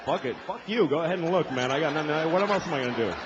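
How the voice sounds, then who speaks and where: Stand-up comic, male, thirties, profane and self-mocking, high-ish lively voice; dull lo-fi recording with background noise. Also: very fast. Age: 30s. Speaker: stand-up comedian. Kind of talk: stand-up set.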